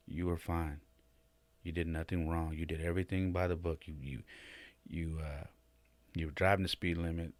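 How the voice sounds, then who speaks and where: A man with a very low, deep voice tells a personal story on his podcast. He rambles and restarts often, tacking "man" onto his sentences. The sound is close and dry, with no room echo. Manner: rambling, many restarts and "man", rising and louder when emotional. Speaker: podcast host. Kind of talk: casual storytelling monologue.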